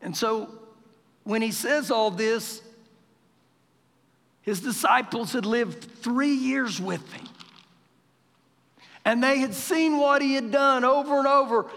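A man from Texas with a Texan accent, preaching an animated sermon as pastor at a live church service. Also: very high-pitched, slow pace, long pauses. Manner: animated preacher, raising his voice for quoted lines. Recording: live hall with long reverb.

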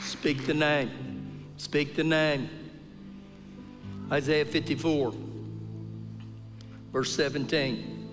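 A male pastor with a high voice stretches out his words and leaves long pauses as he preaches, telling animated stories and acting out quotes. His sermon was captured live during a church service, with long sanctuary reverb and faint music.

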